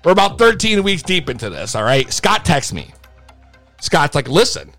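A man's voice: a little high, very animated, normal speed, pushed and bright, faint music behind. A man hosting a live stream, telling a long story in a casual way, swearing freely and often restarting his sentences. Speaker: livestream host.

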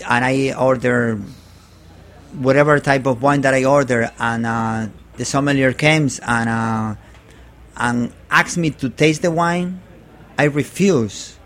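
A man speaking English as a second language, chatting as a guest, halting and repeating words as he searches for phrasing. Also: medium pitch. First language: not English. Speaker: guest artist. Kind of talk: casual interview chat.

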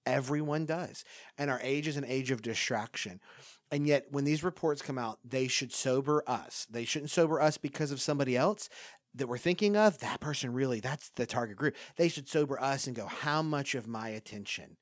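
A man's voice: medium pitch, moderate pace, no echo, studio quality. A man hosting a discussion podcast, talking in an impassioned, pleading way and often repeating himself. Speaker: podcast host. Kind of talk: casual discussion.

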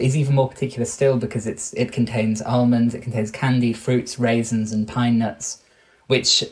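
A man in his thirties with an English accent, talking as an interview guest. His voice sits at an ordinary middle pitch, and his delivery is considered and searching, full of small restarts as he reworks each phrase. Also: a little mellow. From Wales. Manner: thoughtful, frequent restarts and self-corrections. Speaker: guest researcher. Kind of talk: podcast interview conversation.

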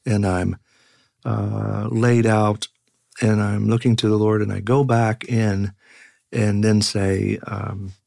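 A middle-aged man, a pastor, telling reflective stories in an earnest, halting way with many fillers. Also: lowish voice, little pitch movement, gravelly, darkish tone, dry recording, clean studio sound. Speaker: pastor and guest. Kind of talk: reflective conversational storytelling.

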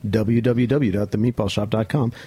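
Man, late thirties, guest co-host, deadpan jokes, husky tone, casual radio talk. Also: lowish voice, moderate pace, no room sound. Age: 30s. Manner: dry, deadpan joking. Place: radio studio.

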